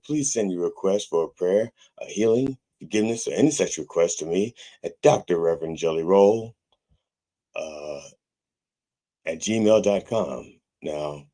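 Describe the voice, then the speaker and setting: A man's voice: low-pitched, dark tone. A man hosting as a comic reverend, delivering a parody sermon in a rambling, profane preaching manner.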